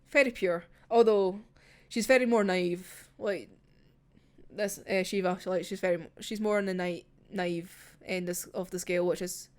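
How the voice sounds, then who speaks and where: A young Scottish woman chatting casually about a manga in an animated, gushing way, swearing freely. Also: mid-range voice, clean tone. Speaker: manga reviewer. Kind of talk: casual chat.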